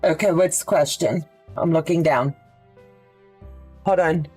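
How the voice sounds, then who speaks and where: In a relaxed live sewing demo, a woman quilts on a livestream, musing aloud in a chatty way and answering questions from viewers. Her voice sits low and has a darkish tone, her delivery is unhurried, and faint music plays behind her.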